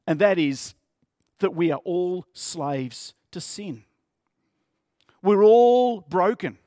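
A man's voice: sits high, darkish tone, no echo, clean studio sound. A male pastor preaching a sermon in an earnest, conversational way, often repeating words and asking the congregation questions.

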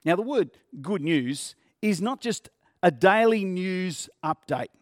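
Man, pastor, sermon, earnest conversational preaching, fairly high voice, dry close sound. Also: expressive, slow, no room sound.

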